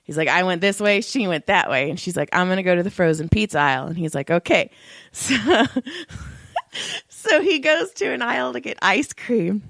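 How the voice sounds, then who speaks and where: A woman's voice: medium pitch, lively intonation, moderate pace, vocal fry, a bit bright, dry recording. A young woman talks in a loose, chatty storytelling way, breaking into laughter often. Her voice sounds strained, as if her vocal cords are worn out. The sound is dry and close. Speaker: podcast co-host. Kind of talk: casual chat.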